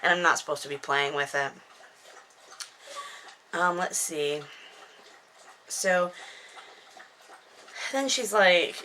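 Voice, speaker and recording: A woman's voice: fairly low pitch, animated, unhurried, long pauses, pushed and bright, slight background noise. A woman in her thirties, talking into a camera at home, recaps her own book in a casual, rambling way full of digressions and self-mocking asides. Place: at home indoors, dog nearby. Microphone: camera microphone.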